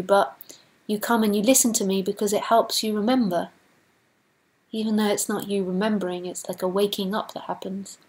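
A woman spiritual teacher giving an online talk over a video call, speaking slowly and reflectively with pauses. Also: medium pitch, darkish tone, low-quality recording. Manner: slow, reflective, pausing.

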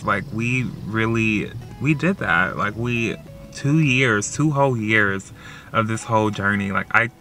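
Guy vlogging, super excitable, bright edgy voice, like like like, faint music behind. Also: fairly low pitch, creaky. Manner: filler-heavy, says "like" constantly; excitable and emotional. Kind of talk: casual vlog chat.

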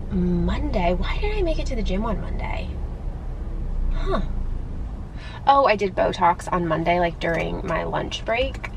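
A woman's voice: fairly low pitch, creaky, noisy background. A woman in her twenties, a nurse practitioner talking casually to the camera, chatty and venting with lots of fillers. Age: 20s. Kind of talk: casual vlog chat.

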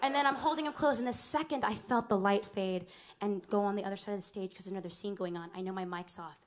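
A woman in her twenties telling a lively, laughing stage story between songs at a small club, acting out other people's lines. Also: mid-range voice, quick pace. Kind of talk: onstage storytelling banter. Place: small live music club.

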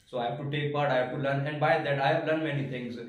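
A young man with an Indian accent, whose first language is Hindi, speaking to a classroom and giving a halting student testimonial full of restarts. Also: mid-range voice, fairly even intonation, muffled recording. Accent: Indian English. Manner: halting, with frequent restarts and fillers. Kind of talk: prepared speech to a class. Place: classroom, indoors. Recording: echoey room from a distant mic.

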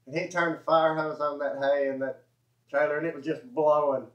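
The voice is on the high side, steady in tone, and delivered at normal speed: a Southern American man recounting a rambling farm anecdote in a chuckling, folksy way. He keeps revising his words mid-sentence, and the recording sounds echoey and dull.

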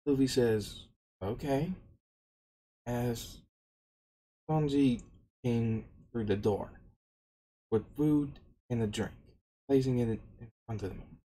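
A man's voice: mid-range voice, slow pace, pauses often, dark tone, rough recording. A man casually retelling an anime story, meandering along and restarting his sentences often. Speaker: anime recap narrator.

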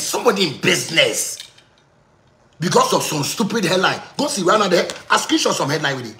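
A man in his thirties with a Ghanaian Pidgin English accent, delivering a loud, excitable rant that keeps circling back on itself. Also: on the high side, a little fast, roomy sound. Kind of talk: heated rant.

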